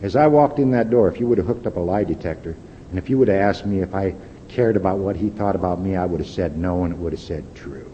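A man in his fifties tells his own story at a recovery meeting in a folksy, earnest way, sometimes sinking to a quiet, intense hush. His voice is mellow and dark. The recording is muffled and lo-fi, with a long hall echo and faint hiss behind it. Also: sits low, fast. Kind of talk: personal testimony talk.

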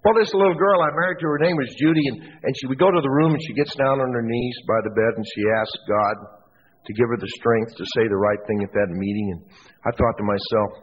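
A man speaking at a recovery meeting who tells a humorous, self-mocking story in an animated way. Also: medium pitch, fast. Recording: dull lo-fi tape in a reverberant hall, faint hiss.

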